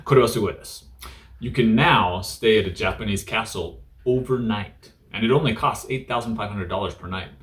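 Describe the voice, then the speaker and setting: A man's voice: lowish voice, normal speed, fairly bright tone. A man hosting a casual Japanese vocabulary lesson, talking in a laid-back, joking way with many fillers. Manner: joking, irreverent. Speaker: host teaching Japanese through news.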